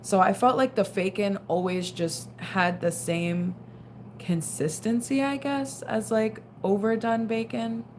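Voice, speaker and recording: A woman's voice: medium pitch, measured pace, a little mellow, slight background noise. A young woman casually chatting on a late-night livestream, reading out viewer comments and sounding tired. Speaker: livestream host.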